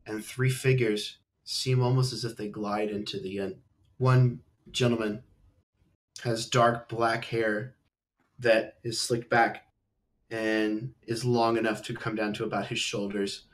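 A young man narrating a tabletop game as game master, halting and rambling with fillers. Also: lowish voice, fairly bright tone.

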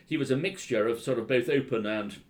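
Talking fairly quickly in a mid-range voice, a male historian and writer recounts anecdotes during an interview. He sounds wryly amused but hesitant, full of fillers and false starts.

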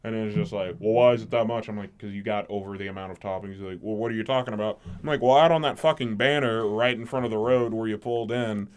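Talking quickly with few pauses, this podcast co-host has a fairly low, clean-toned voice. In casual chat he rants with plenty of swearing, retelling customer stories and imitating the customers.

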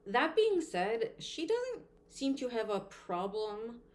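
A woman's voice: fairly high pitch, slow, a little hiss or hum. A woman co-hosting a book discussion podcast, talking casually with frequent "like"s and reading passages aloud. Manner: animated, uses "like" often, reads passages aloud. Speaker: podcast co-host.

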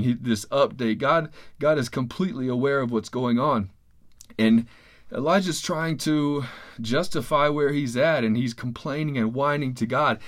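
A man preaching a sermon in an earnest, conversational way, often repeating words as he goes. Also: mid-range voice. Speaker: pastor.

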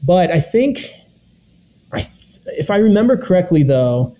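A man's voice: high-pitched, big pitch swings, unhurried, mellow, poor audio. A young man and former reality show contestant, casually recounting his experience with lots of fillers and self-quotes. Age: young adult. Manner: rambling, filler-heavy, quotes his own thoughts.

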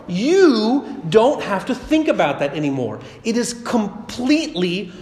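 A man's voice: high voice, big pitch swings, a little slow, darkish tone. A man pastor giving a chatty, conversational sermon with personal stories. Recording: echoey hall reverb.

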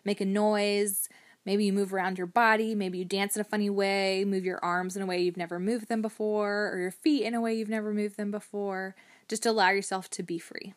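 A woman hosting a mindfulness podcast, talking in a gently encouraging way with the odd um. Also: medium pitch, little pitch movement, brisk, no echo. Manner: gently encouraging, with occasional ums. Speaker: podcast host.

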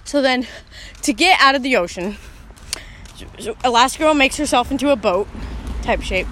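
A woman's voice: high voice, lively intonation, normal speed, fairly bright tone, slight background noise. A young woman in casual chat, rambling through a long retelling full of fillers and laughter. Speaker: storyteller.

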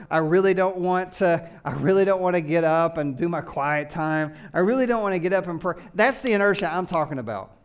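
A pastor giving a conversational sermon, full of rhetorical questions and calls for agreement. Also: male voice, high voice, smooth. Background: live congregation.

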